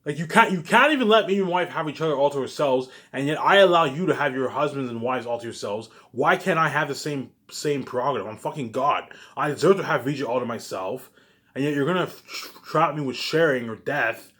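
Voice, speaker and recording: A male vlogger rants at his audience at a rapid clip, full of profanity and stumbling restarts. His voice jumps between loud, heated outbursts and low, muttered lines. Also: expressive. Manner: agitated, profane, repetitive, with many restarts. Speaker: YouTube vlogger. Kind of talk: ranting monologue to camera.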